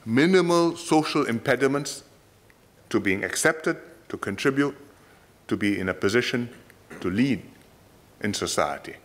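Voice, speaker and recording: A man from Singapore with a Singaporean English accent, giving a speech in a parliament chamber in measured, emphatic short phrases. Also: medium pitch, expressive, fairly bright tone. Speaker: politician.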